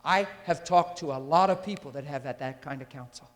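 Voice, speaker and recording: Male preacher, high-ish voice, fiery and emphatic, long hall reverb on the mic. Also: a little fast. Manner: intense and emphatic, with rhetorical questions to the audience. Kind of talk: sermon. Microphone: handheld or stand mic.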